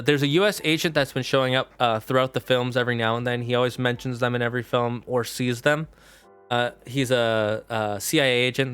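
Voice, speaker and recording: Casual male streamer, animated and chatty, smooth voice over faint music. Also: medium pitch. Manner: animated, chatty, talks to chat mods. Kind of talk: casual livestream chat.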